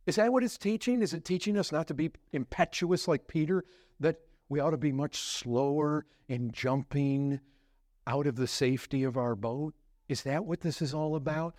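A male pastor preaching a sermon, asking rhetorical questions and building to emphatic, lively delivery. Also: fairly high pitch, moderate pace, no echo, clean studio sound.

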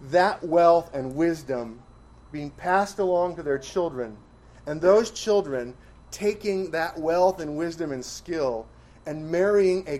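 Emphatic preaching man. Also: a little high. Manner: emphatic, rhetorical questions, swings from loud to quiet. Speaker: pastor. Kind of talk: sermon.

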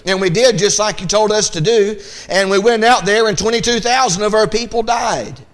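A male pastor delivers a midweek sermon in a fairly high voice at normal speed. He reads scripture aloud and slips into the voices of the Israelites, keeping his talk folksy and animated.

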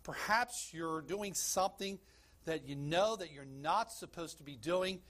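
A man's voice: on the high side, a little slow, a bit bright. A man preaching a sermon as pastor of a church, emphatic, asking the congregation questions and calling for slides.

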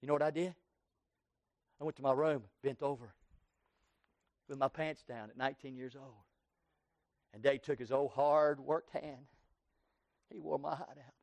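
A pastor from Texas with a Southern US accent, preaching an impassioned sermon that swings from loud cries to hushed tones. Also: male voice, mid-range voice, steady tone, moderate pace, long pauses, no room sound. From Texas, USA. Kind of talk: sermon with altar call.

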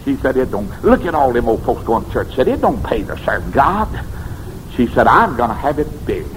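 A man preaching a revival sermon, telling stories and swinging between shouted peaks and hushed low passages. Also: big pitch swings, normal speed, a little hiss or hum, low-quality recording.

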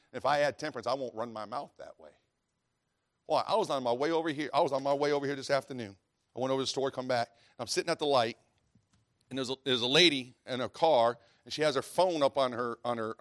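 A man preaching a sermon in a folksy, storytelling way, dropping to quiet asides and rising to loud preaching, reading scripture aloud. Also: mid-range voice. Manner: reads scripture in old-fashioned wording.

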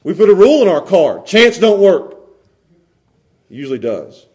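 A man preaching a sermon to his congregation, swinging from loud, animated exclaiming to quiet, close asides. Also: sits high, moderate pace. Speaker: pastor.

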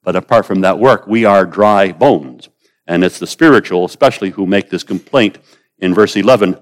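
Low-voiced preacher, swinging loud to hushed. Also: male voice, moderate pace. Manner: rises to loud, pleading pitch when voicing prayers, then drops low and quiet; addresses listeners as beloved. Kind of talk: expository sermon.

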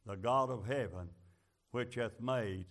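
A man voicing a solemn Hebrew prophet, speaking slowly and gravely in a low hushed tone.

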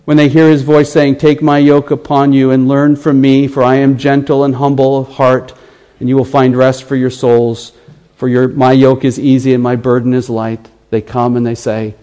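A man preaching an expository sermon in an earnest way, repeating phrases for emphasis and swinging from hushed to raised. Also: mid-range voice, fairly even intonation, unhurried, poor audio.

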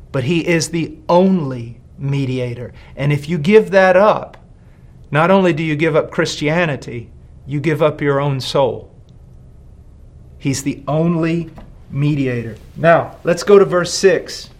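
A man preaching a sermon, slowing down and stressing key words and repeating phrases for emphasis. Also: fairly high pitch.

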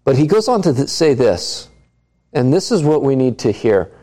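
A man's voice: mid-range voice, big pitch swings, normal speed, mellow. A man preaching a sermon, putting questions to the congregation and repeating key lines for emphasis. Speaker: pastor.

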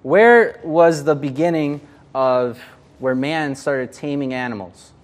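A man's voice: on the high side, takes it slowly. A man leading a casual Bible study, chatty and full of fillers, often asking the group questions. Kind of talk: casual interactive Bible teaching.

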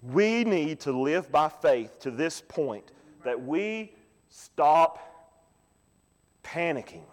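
A man's voice: a little high, lively intonation, drawn-out words. A man in his thirties preaching a sermon in a folksy, conversational way with touches of humor. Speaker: pastor. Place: church sanctuary. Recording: long church reverb.

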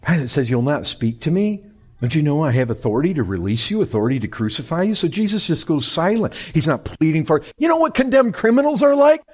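A man preaching a sermon, animated, swinging between loud high emphasis and quiet low lines. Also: quick pace, slightly rough. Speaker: pastor.

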